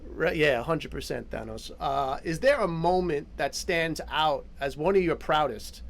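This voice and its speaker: A man's voice: a little high, gravelly, slight background noise. A man in his forties hosting an interview in an enthusiastic, easygoing way, talking over a video call. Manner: enthusiastic, easygoing, quick to react. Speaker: podcast host, interviewer. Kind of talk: casual interview chat.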